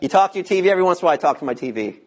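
A man in his fifties from the United States preaching a sermon, swelling to emphatic shouts and slowing down to read scripture. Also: high-pitched, lively intonation. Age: 50s.

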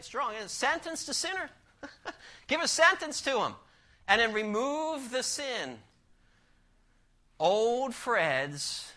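A man's voice: high-pitched, pushed and bright. A man preaching a sermon, emphatic, asking the congregation rhetorical questions and telling a story.

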